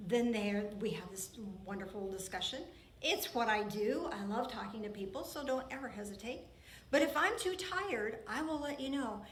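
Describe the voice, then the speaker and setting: A woman's voice: on the high side, lively intonation, normal speed, slight background noise. A woman minister giving an earnest, emphatic sermon in a church, often repeating her phrases for weight. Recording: roomy church hall with faint ambience.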